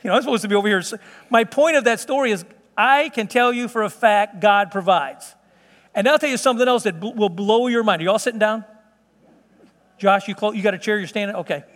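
High-voiced man preaching in a hall. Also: fairly quick. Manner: animated storytelling with laughs and exclamations. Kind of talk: sermon testimony. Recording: hall reverb.

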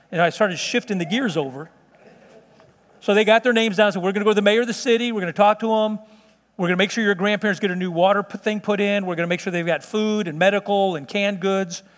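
Man, high voice, preacher telling a story, animated, long hall reverb. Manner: animated storytelling with laughs and exclamations. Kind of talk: sermon testimony.

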